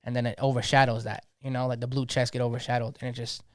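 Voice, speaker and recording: A man's voice: mid-range voice, little pitch movement, quick pace, no echo, studio quality. A young man, talking passionately in a slangy, casual podcast conversation, often repeating words as he gets going. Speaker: DJ guest.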